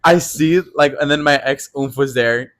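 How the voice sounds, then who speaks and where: A young man in his twenties tells a story on a casual podcast, and his voice sits at an ordinary pitch. He is animated, laughs a lot and swears freely as he talks. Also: moderate pace. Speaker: podcast co-host. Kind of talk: casual chat.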